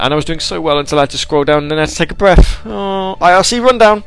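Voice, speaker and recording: British man, young, online radio host, rambling chat, self-mocking, sore throat, slightly high voice, faint music behind. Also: creaky, clear, resonant tone. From Britain. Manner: rambling, self-mocking, quick shifts into announcer voice. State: sore throat from the deep announcer voice. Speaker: internet radio presenter. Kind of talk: casual live radio chat.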